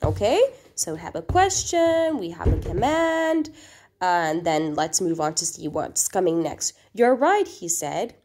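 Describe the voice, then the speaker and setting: A woman's voice: on the low side, animated, a little slow, darkish tone. A woman teaching a recorded grammar lesson, explaining patiently and often checking in with the class. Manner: reads quoted sentences in a lifted, acted-out voice.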